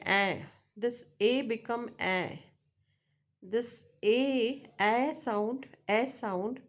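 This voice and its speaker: A woman teaches a phonetics lesson, speaking very slowly. She breaks off often and repeats each example word several times. Her voice sits a little higher than most. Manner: slow, halting, repeats example words many times. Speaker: English teacher.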